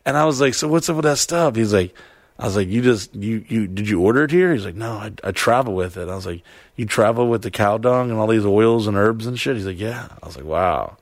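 Young man, podcast host, low gravelly voice, dry close sound, animated profane storytelling. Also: fairly quick, dry recording. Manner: animated, profane, acts out his own reactions. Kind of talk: casual storytelling chat.

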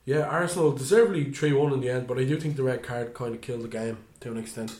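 A man co-hosting a casual football podcast, animated and quick to mimic players in high voices. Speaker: podcast co-host. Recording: echoey room.

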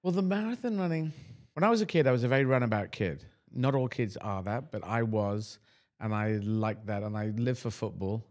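A middle-aged man from the United Kingdom, a guest talking in a rambling, animated, self-deprecating way. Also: on the low side, fairly quick. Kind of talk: casual conversational interview.

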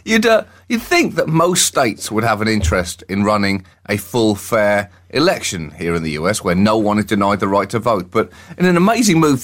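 A man's voice: medium pitch, fairly bright tone. A man co-hosting a satirical comedy podcast, mocking the news with sardonic remarks and frequent laughter. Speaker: co-host.

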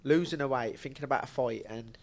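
Speaking a little fast in a mid-range voice, this young bare knuckle fighter swaps stories as a podcast guest. The chat is casual, full of slang and frequent laughter.

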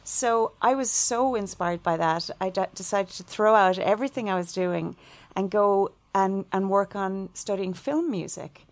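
A woman's voice: medium pitch, measured pace. A middle-aged woman from Ireland, a composer, telling stories in an interview and acting out quoted voices. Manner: animated, acts out quoted voices with laughs. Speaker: composer guest. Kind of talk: storytelling interview answer.

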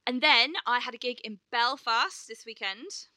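A woman's voice: fairly high pitch, moderate pace, pushed and bright, no echo, clean studio sound. A woman co-hosting a casual chat, telling stories with swearing and acted quotes. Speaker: podcast co-host and performer.

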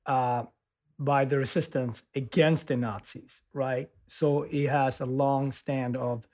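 A man's voice: medium pitch, steady tone, slow, a little mellow. Storytelling man on muffled audio. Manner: rambling storyteller with many restarts. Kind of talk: casual conversation.

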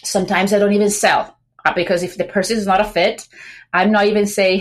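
A pregnant woman talking as a guest on a business podcast, chatty and lively, acting out quoted remarks between many fillers. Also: mid-range voice, a little fast. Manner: animated, acts out quoted voices, many fillers. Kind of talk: casual interview talk.

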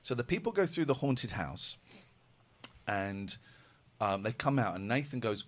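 A man's voice: medium pitch, normal speed. A man hosting a radio show, chatting casually and telling stories with acted-out quotes. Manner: lively storytelling, acting out quotes.

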